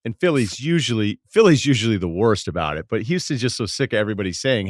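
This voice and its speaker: A man's voice: on the low side, lively intonation, fast talker, few pauses, no echo, clean studio sound. A man talking as a podcast guest, analyzing sports in a wry, chatty way and laughing often. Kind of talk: casual sports talk.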